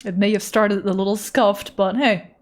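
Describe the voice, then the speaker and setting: A woman's voice: mid-range voice, fairly even intonation, normal speed. A young woman art streamer chatting casually on a live stream, giggly and gushing with emotion.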